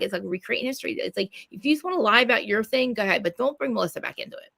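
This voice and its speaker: A woman's voice: mid-range voice, racing, creaky, hardly any pauses, fairly bright tone. A woman from New Jersey, ranting in casual chat, swearing a lot and restarting her sentences. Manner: profane, ranting, many restarts.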